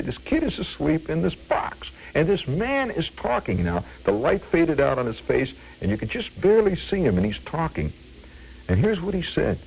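Older male radio storyteller, husky, lively rising and falling delivery. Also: on the high side, normal speed, dull audio. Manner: vivid, animated recollection.

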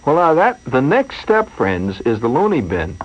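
A man's voice: mid-range voice, wildly swooping pitch, normal speed. A man hosting a radio show, rambling through a wry comic monologue full of asides and digressions. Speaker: radio host. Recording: dull lo-fi radio broadcast.

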